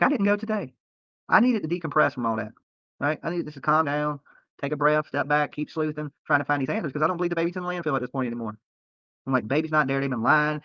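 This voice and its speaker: Broadcasting from a hotel room late at night, a man with a gravelly, higher-than-average voice lashes out at critics. The rant is profane, heated and repetitive, and the stream audio is dull and lo-fi with no echo.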